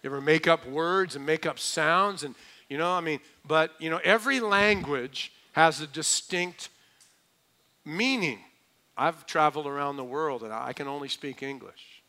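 A man's voice: a little high, moderate pace, bright, forceful tone. A middle-aged man preaching a verse-by-verse sermon as pastor, conversational with joking asides. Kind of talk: expository sermon.

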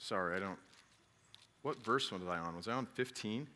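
A man preaching a casual, conversational sermon, his voice bright and forceful. He keeps turning to the congregation with questions, then jumps to loud, emphatic peaks. He sounds like a father speaking plainly to his church. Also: on the low side, animated, moderate pace. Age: adult father. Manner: talks directly to the congregation with questions.

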